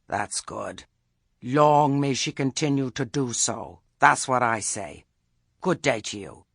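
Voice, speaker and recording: A man voicing a stern old witch who speaks with brisk, crisp politeness. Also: mid-range voice, animated, fairly bright tone, no room sound, studio quality, exaggerated voice. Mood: falsely cheerful.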